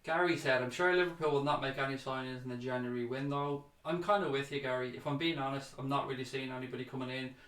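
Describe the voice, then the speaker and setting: A man's voice: medium pitch, fairly even intonation, fast talker, few pauses, fairly bright tone. Chatty man on a roomy livestream. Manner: chatty, addresses viewers as mate. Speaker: livestream host reading viewer comments. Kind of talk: casual fan chat livestream.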